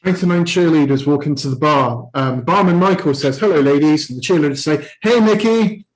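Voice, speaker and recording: A man's voice: fairly high pitch, fast, low-quality recording. Man telling matter-of-fact pun jokes. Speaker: improv player.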